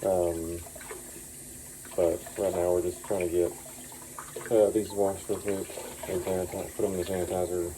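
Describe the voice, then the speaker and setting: A man's voice: deep voice, little pitch movement, normal speed, long pauses, noisy background. A young man, a farm vlogger and teacher, talking casually to the camera in an easygoing, rambling way with plenty of ums. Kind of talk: casual vlog talk to camera.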